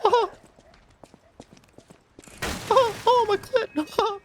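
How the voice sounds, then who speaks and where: A man doing a shrill, squeaky cartoon character voice in a squealing falsetto, giddy and greedy. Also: fairly even intonation, drawn-out words, a little hiss or hum, heavily acted.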